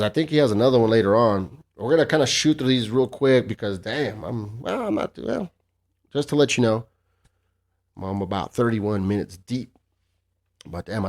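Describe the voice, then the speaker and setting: A man's voice: on the low side, darkish tone. A man in his thirties hosting a solo podcast, swearing freely and ranting in a cocky, casual way. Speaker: podcast host.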